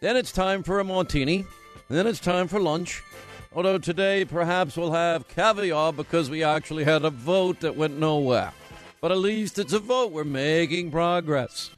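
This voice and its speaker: A man's voice: a little high, moderate pace, soft background music, lightly acted. A man doing a pompous whiny old senator. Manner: drawling, fussy, self-pitying. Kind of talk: comic impression on talk radio.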